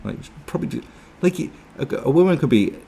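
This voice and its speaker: A man's voice: a little high, big pitch swings, fairly quick, mellow. A man giving a casual, sweary, sarcastic commentary, reacting to an article with mocking asides. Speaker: political commentary vlogger.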